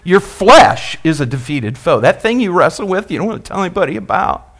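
A male pastor preaching a sermon, emphatic and repetitive, asking the congregation questions and building phrases up, then dropping them low. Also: very animated, a little fast. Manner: repeats and builds phrases, rising and dropping loudness.

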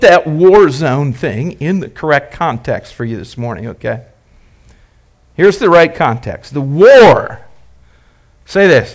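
A male pastor preaching a sermon, emphatic and repetitive, asking the congregation questions and building phrases up, then dropping them low. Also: big pitch swings, a little slow. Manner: repeats and builds phrases, rising and dropping loudness.

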